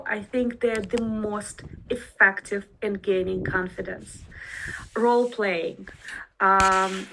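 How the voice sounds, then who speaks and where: A woman teaching an online conversation class, talking in an animated and emphatic way and often restarting words mid-phrase. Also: medium pitch, slight background noise, rough recording. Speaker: English conversation club teacher. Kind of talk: online group class on a video call.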